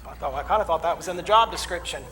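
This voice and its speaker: A man's voice: on the high side, very fast, pushed and bright, a little hiss or hum. A man preaching a sermon as the minister, folksy and humorous, telling personal stories and acting out voices. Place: church sanctuary. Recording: distant mic in a reverberant hall.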